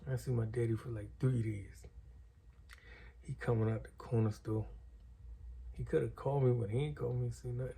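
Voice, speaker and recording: A man's voice: medium pitch, steady tone, a little fast, vocal fry, long pauses, mellow, slight background noise. A man telling a story in a loose, slangy and profane way. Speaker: guest storyteller. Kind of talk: casual storytelling.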